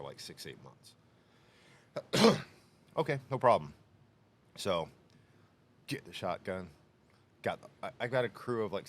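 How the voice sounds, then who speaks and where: A man with a lowish voice tells a story on a shop podcast in relaxed chat. He is animated, laughs a lot and acts out what people said. Faint room ambience sits behind him. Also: slight background noise. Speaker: podcast co-host. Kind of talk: casual storytelling.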